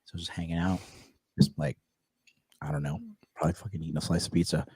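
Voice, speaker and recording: Profane animated man, low voice. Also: fast, husky, dry recording, studio quality. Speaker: podcast co-host. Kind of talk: casual chat.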